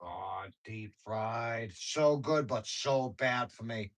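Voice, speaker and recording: A man's voice: medium pitch, slow, gravelly, rough recording. A man hosting a livestream, casually chatting with viewers and telling rambling stories with slangy speech and frequent laughs. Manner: rambling, storytelling, laughs often. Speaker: livestream host.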